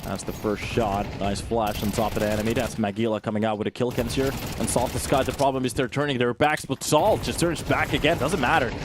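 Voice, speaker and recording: A man's voice: mid-range voice, brisk, hardly any pauses, background noise. A man giving live play-by-play commentary on a competitive match, chatty and joking with viewers between calls. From Finland. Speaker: esports commentator.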